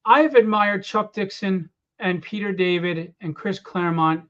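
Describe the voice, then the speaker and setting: Guy with a high voice telling stories, acts out quotes, kinda dull lo-fi sound. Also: measured pace. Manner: animated storyteller acting out quotes. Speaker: comic book writer. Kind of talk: casual storytelling.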